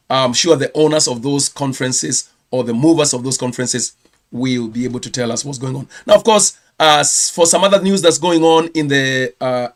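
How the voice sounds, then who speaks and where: A Kenyan man, a pastor, giving a chatty live-streamed news round-up and correcting himself as he goes. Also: a little high. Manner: chatty, self-correcting, reads viewer comments.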